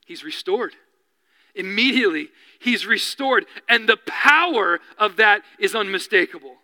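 Guy preaching a sermon, high bright piercing voice, earnest and fired up, lots of hall reverb. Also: lively intonation, measured pace. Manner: earnest, building to impassioned appeals. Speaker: pastor.

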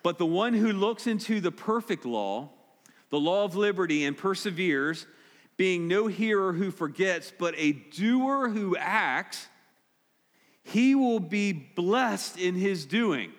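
Slow and high-pitched, with lively intonation, a pastor preaches a direct, emphatic sermon in a church sanctuary. He repeats the key points, and long hall reverb colors the recording.

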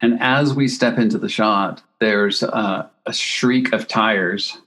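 A man, a photographer being interviewed, telling a story in a casual, animated way and acting out what people said. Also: lowish voice, slow, low-quality recording. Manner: animated anecdote-telling with acted-out quotes. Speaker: photographer guest.

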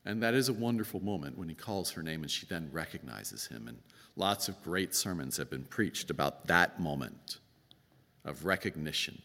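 A man's voice: expressive, moderate pace, sharp tone. A man preaching a conversational sermon, telling the story in his own words and acting out the people in it with big swings of voice. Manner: conversational, acts out quoted voices, emphatic swings in pitch. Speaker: pastor. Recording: long reverb of a church hall.

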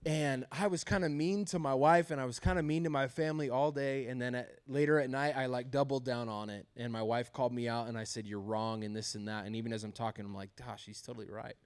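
A man's voice: medium pitch, fairly even intonation, quick pace, hardly any pauses, clean tone. A male pastor preaching a sermon, telling humorous, self-deprecating stories about his marriage and laughing often.

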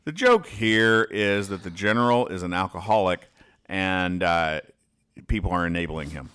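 A man hosts a casual comics read-aloud show. His voice sits on the low side but comes across bright and forceful. He talks haltingly, with plenty of "uh" and restarts, and dryly explains the jokes. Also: lively intonation, clean tone. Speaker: podcast host reading comics aloud.

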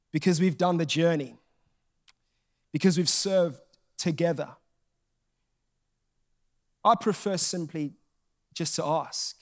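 A man preaching a sermon, telling jokey stories and acting out the dialogue in them. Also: high voice. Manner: animated storytelling, acting out quoted dialogue; jokey and self-mocking.

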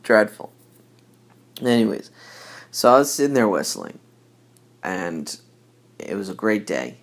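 A man's voice: lowish voice, sing-song, measured pace, gravelly. A man hosting a podcast in a rambling, laid-back monologue, often correcting himself. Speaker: podcast host.

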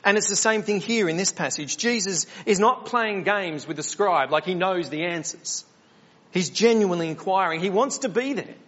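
A man's voice: high voice, expressive, normal speed, fairly bright tone, highs cut off. A man preaching a sermon as the church pastor, earnest and questioning, often restarting his words.

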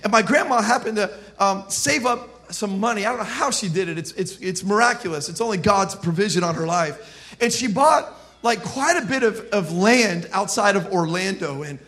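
A pastor from South Florida preaching a sermon, telling stories in an animated, joking way and shouting his punchlines. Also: sits high, moderate pace.

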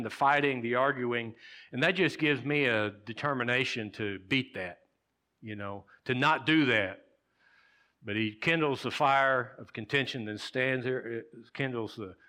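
A pastor preaching to his congregation, a man with a bright, forceful voice. He talks in a loose, conversational way, repeats his key words and keeps checking in with "okay?". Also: mid-range voice. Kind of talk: sermon.

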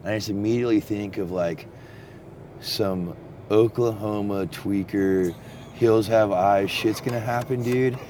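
A man telling a long story in a profane, rambling, casual way that turns animated when he gets excited. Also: lowish voice, unhurried, slight background noise. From Texas.

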